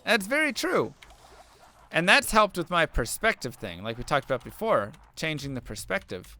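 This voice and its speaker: Young guy streaming, kinda high and bright, super clean voice, rambly and earnest, lots of like and you know. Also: very animated, normal speed. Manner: earnest, rambling storytelling full of fillers. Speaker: streamer talking to viewers. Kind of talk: casual chat while gaming.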